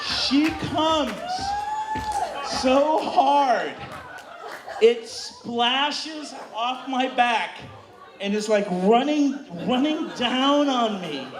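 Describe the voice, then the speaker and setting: A man telling a bawdy story live on stage to an audience, animated and shouting out quoted moans. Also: extremely high pitch, extremely slow. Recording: distant, roomy live recording with crowd noise.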